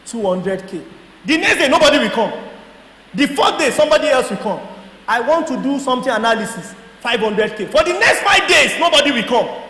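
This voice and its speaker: A Nigerian man shares a personal testimony with a church audience, voicing both himself and the other person in each exchange. His voice sits very high for a man and swings widely in pitch. The sound carries a long hall echo over faint background noise. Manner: storytelling, acts out dialogue, laughs and shouts. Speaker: guest speaker. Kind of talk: animated testimony talk.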